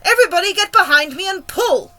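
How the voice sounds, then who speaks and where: A woman's voice: high voice, lively intonation, normal speed, sharp tone. A woman voicing a kindly old male grasshopper in a storybook, giving firm orders. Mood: commanding.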